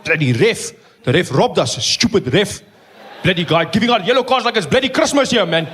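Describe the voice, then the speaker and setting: A man's voice: sits high, lively intonation, fairly quick, fairly bright tone, exaggerated voice. A comedian voicing a grumpy Afrikaans male rugby fan who rants and snaps after a loss. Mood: angry. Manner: gruff, ranting, snapping.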